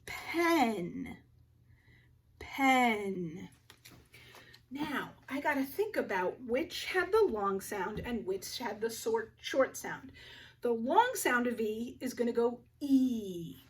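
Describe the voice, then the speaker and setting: A first grade teacher, a woman, leading a phonics lesson for young children and sounding out words slowly, with little gasps of discovery. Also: on the high side, big pitch swings, distant mic.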